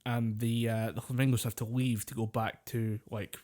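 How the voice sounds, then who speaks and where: A man's voice: mid-range voice, little pitch movement, normal speed, darkish tone. A man co-hosting a podcast, telling long rambling stories in casual chat, swearing freely and laughing often. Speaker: podcast co-host.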